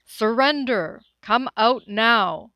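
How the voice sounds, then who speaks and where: A woman reading the part of a guard shouting orders through a megaphone, loud, slow and commanding. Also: medium pitch, animated, no room sound.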